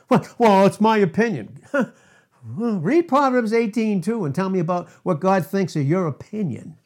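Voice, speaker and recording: A man preaching a sermon, emphatic and repetitive, quoting scripture with drawn-out stress and laughing between points. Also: sits high, darkish tone.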